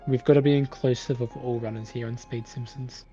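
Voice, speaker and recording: A man with a mellow, warm-toned voice co-hosts live race commentary. He reacts in short, laid-back remarks over faint game music. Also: mid-range voice, fairly even intonation, a little fast, highs cut off. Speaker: speedrun co-commentator.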